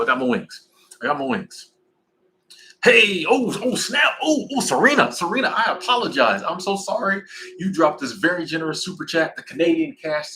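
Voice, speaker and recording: Chatty man with a bright voice. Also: medium pitch, slight background noise, poor audio. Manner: chatty, rambling, animated. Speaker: livestream host. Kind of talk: casual livestream chat.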